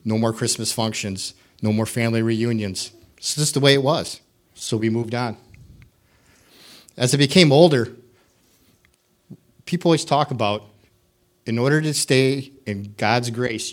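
A man's voice: medium pitch, normal speed, long pauses. A middle-aged man from the United States giving a candid, self-deprecating personal testimony in a church, with wry humor.

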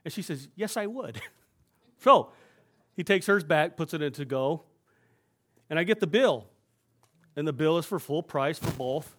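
A man's voice: fairly high pitch, lively intonation, a little slow, long pauses, fairly bright tone. A male pastor preaching to his congregation in a church, telling a personal story in a conversational way and often checking in with his listeners.

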